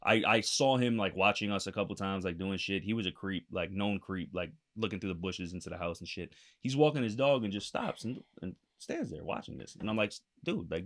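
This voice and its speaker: A man's voice: fairly low pitch, animated, quick pace, few pauses, fairly bright tone. A young man telling a story on a casual podcast, swearing freely and acting out the quotes. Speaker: podcast co-host.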